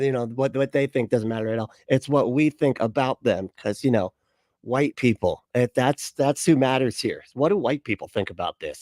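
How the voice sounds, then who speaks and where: A man's voice: mid-range voice, a little mellow, no room sound, clean studio sound. A man in his thirties hosting a reaction video, rambling in casual commentary with lots of swearing and restarts. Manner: rambling, profane, frequent restarts and laughs.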